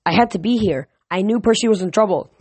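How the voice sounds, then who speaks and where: A man's voice: sits high, fast, darkish tone, dry recording. A shaken, sincere teen girl who blames herself, as a male reader voices her in a storybook reading. She speaks plainly and earnestly. The recording is close and dry. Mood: contrite.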